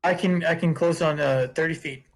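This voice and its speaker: A man taking part as a player in a tabletop game, asking halting questions about what he can do. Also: fairly high pitch, steady tone. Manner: halting, asks rules questions. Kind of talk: casual tabletop play.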